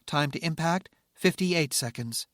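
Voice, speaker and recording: A man doing a calm computerized cockpit voice. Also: fairly high pitch, unhurried, dry recording, clean studio sound, pitched above the performer's own voice. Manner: calm, even, pleasant.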